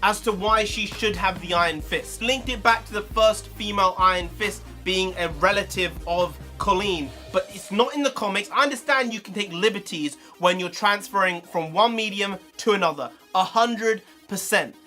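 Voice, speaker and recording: A man, ranting heatedly in a review vlog, swearing, his pitch swinging up and down. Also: moderate pace, few pauses, bright, forceful tone, faint music behind. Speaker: video reviewer.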